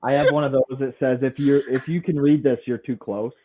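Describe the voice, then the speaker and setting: A man chatting casually as a guest on a video call from a room at home, relaxed and low-key. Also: brisk, a little hiss or hum, rough recording.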